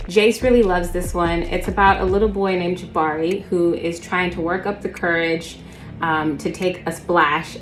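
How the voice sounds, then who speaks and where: Chatty woman host, casual book talk, light music bed under her. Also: fairly low pitch. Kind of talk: casual book review chat.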